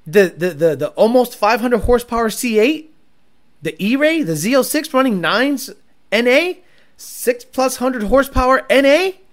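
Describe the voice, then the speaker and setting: Stream host, male, blunt and profane, lively swooping pitch, reads chat and riffs on trucks and V8s. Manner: animated, blunt and profane, gets excited over engines. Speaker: automotive channel host. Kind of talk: casual livestream chat, reading viewer comments.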